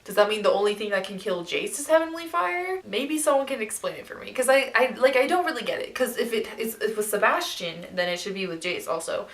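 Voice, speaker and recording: A woman's voice: medium pitch, expressive, fast talker, hardly any pauses. A woman reviewing a book in a casual vlog, retelling the story in a chatty, gushing way full of "like". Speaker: book vlogger.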